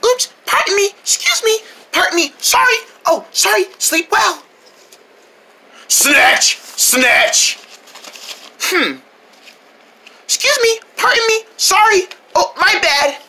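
A sneaky cartoon sibling, voiced by a performer tiptoes along muttering a steady stream of polite apologies. The voice rides high and lively, with a very bright, sharp tone and a slow, deliberate pace. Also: slight background noise, heavily acted. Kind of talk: cartoon voice acting.

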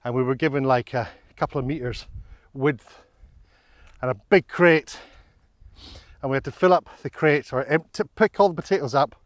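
A Scottish man narrates a casual walking vlog out in open countryside, chatty, rambling and self-deprecating, and he gets a little out of breath on the climbs. His voice sits at medium pitch with a moderate pace and long pauses. The audio is clean studio sound with no room sound.

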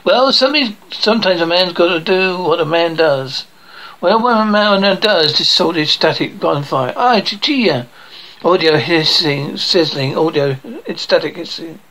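Bright voice reading cartoon scenes aloud. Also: mid-range voice, animated, measured pace, poor audio. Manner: jumps between characters' lines and caption readouts.

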